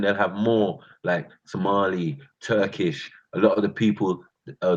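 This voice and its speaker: Husky london guy yarning, slangy, lots of laughs, kinda low voice, dull lo-fi audio. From North London. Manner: laughing, slangy, animated storytelling. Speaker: channel host. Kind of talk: casual storytelling monologue. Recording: dull lo-fi recording.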